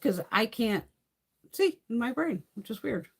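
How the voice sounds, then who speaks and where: Animated woman swearing through a rambling chat. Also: fairly high pitch, measured pace, gravelly, slightly rough. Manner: reads and answers viewer comments. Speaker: beauty video creator. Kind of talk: casual live-stream chat.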